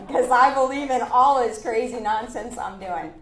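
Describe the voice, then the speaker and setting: Lively woman telling stories in an echoey room. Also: fairly high pitch, a little slow, some chatter behind. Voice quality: lively storyteller who plays out conversations. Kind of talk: animated motivational talk with acted-out dialogue. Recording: roomy echo, faint noise.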